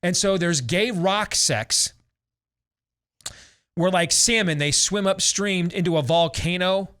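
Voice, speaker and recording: A man's voice: sits high, slow, fairly bright tone, clean tone. A man in his forties hosting a talk show, ranting sarcastically and theatrically in opinionated commentary. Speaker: host.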